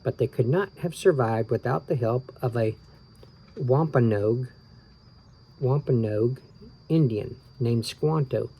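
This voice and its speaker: A man reading a children's book aloud, relaxed and tired, stopping for small asides and rereading his slips. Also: medium pitch, slow pace, pauses often, breathy edge, poor audio. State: tired, yawning. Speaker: reader of children's books.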